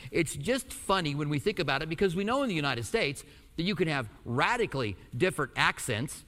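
A pastor from Albuquerque teaching verse by verse, reading scripture slowly and then explaining it in a conversational way with light jokes. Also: male voice, fairly high pitch, sing-song, bright, forceful tone. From Albuquerque, New Mexico. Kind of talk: verse-by-verse sermon. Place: church in Tucson. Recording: hall reverb.

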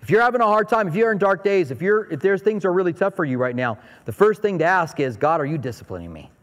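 Brief: a middle-aged male preacher with a high voice, casual and anecdotal, in a church hall with long reverb. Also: expressive, quick pace. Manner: conversational, anecdotal, asks the audience questions. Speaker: pastor. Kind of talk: sermon.

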